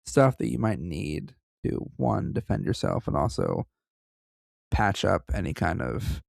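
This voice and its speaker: A man's voice: sits low, wildly swooping pitch, unhurried, creaky, a little mellow, no room sound. A man co-hosting a podcast, reading a story aloud and breaking off for profane, joking asides. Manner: profane, joking asides between read passages. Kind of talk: casual story reading with banter.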